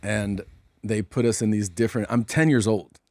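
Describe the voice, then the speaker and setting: Excitable, laughing man from Minnesota. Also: normal speed, no room sound, studio quality. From Minnesota, USA. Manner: excitable, laughs often, jumps high in pitch when amused. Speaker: podcast co-host. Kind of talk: casual comedic storytelling.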